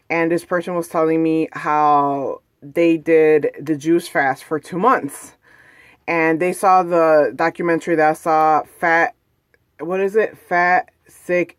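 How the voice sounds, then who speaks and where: Indoors at home, a woman with a lowish voice vlogs a personal story, recorded in clean studio sound with no echo. She chats in a rambling way, filling her casual storytelling with "like" and "you know."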